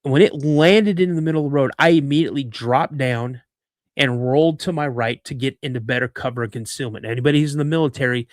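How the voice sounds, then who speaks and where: A man hosting a podcast, telling a story in an animated way with frequent restarts and asides. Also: medium pitch, fast, no room sound, clean studio sound. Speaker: podcast host.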